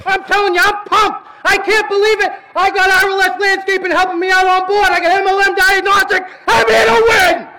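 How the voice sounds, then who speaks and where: A man who has just won a race, shouting in a pumped-up victory lane interview. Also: extremely high pitch, little pitch movement, fairly quick, low-quality recording. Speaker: race winner. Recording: loud crowd at a speedway.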